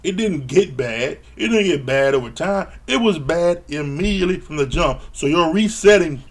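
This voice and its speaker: A man's voice: fairly high pitch, expressive, normal speed. A man recapping a reality TV episode in a blunt, exasperated rant, swearing freely. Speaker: reality TV reviewer. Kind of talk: casual ranting recap.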